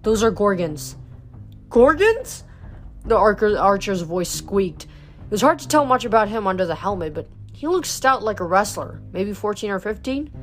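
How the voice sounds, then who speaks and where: A woman's voice: medium pitch, expressive, normal speed, fairly bright tone. Woman reading a novel aloud. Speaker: reader.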